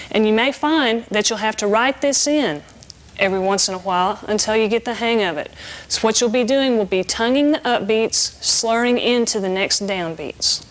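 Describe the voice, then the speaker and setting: A middle-aged woman giving a saxophone lesson, explaining clearly and patiently in an instructional tone. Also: a little high. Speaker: saxophone teacher.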